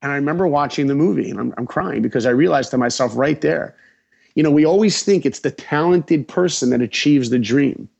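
A man in his forties from New York, a podcast guest telling his story in an animated, emphatic way. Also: on the high side, a little fast, vocal fry, highs cut off. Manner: acts out dialogue, emphatic.

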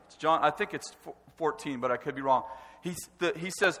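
A man preaching a sermon with animated, emphatic delivery and stresses that rise to a shout. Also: a little high, brisk. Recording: long hall reverb.

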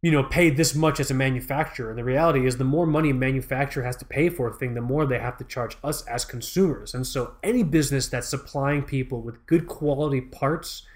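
A man co-hosting a podcast, talking in a loose and rambling way. He gets excited and swears freely, and his voice sits at a middling pitch for a man. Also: quick pace, hardly any pauses. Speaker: podcast co-host. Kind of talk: casual chat.

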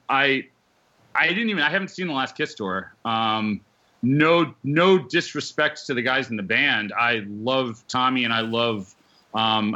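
A man's voice: mid-range voice, pushed and bright. Blunt guy telling band stories on a podcast, keeps restarting sentences, muffled lo-fi sound. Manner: blunt, emphatic, lots of restarts. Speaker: podcast guest, former magazine editor and band manager. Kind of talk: casual storytelling chat.

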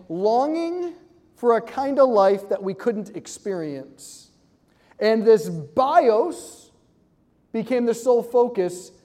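Guy giving a jokey animated talk to a crowd, mellow voice, big echoey hall. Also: high voice. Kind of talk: live talk to an audience. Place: large hall with audience.

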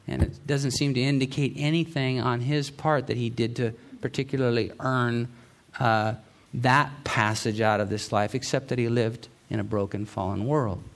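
A man's voice: medium pitch, fairly even intonation, moderate pace. A middle-aged male pastor giving a sermon in a conversational, storytelling way, often restarting his sentences.

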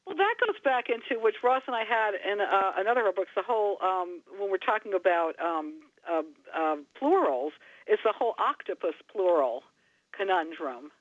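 A woman's voice: medium pitch, animated, normal speed, dry recording. A woman guest chatting playfully about words, laughing as she talks. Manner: playful, laughs while talking. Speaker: co-author guest. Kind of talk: casual chat. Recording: tinny phone line.

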